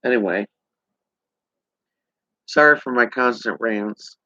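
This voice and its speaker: A man's voice: medium pitch, slow pace, pushed and bright, no room sound. A man ranting sarcastically to a camera, heated and rambling. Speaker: vlogger. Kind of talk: political rant to camera. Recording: dull lo-fi sound.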